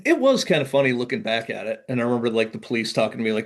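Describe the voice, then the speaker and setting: Man, middle-aged, podcast guest, casual chat, laid-back, self-deprecating, mid-pitched voice. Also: animated, fairly quick.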